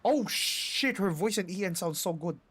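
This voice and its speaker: Excitable, lively streamer. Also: mid-range voice, music in the background. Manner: excitable, swears freely, quick reactions. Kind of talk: casual live-stream commentary.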